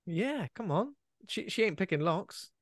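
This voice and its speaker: A man's voice: high-pitched, big pitch swings, a little slow, dry recording. A man co-hosts a podcast, chatting about a horror film in a joking, riffing way and tossing in mock character voices. The recording is dry and close, with no room sound. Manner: jokey, riffs with comic asides and voices. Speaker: podcast co-host. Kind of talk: casual chat recapping a film.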